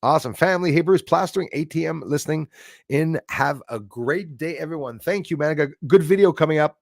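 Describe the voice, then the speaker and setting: A man's voice: a little high, a little fast, gravelly, dry recording, clean studio sound. A middle-aged man from Canada hosting a live stream, chatting casually and rambling as he reads viewer comments aloud. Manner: chatty, rambling, laughs often.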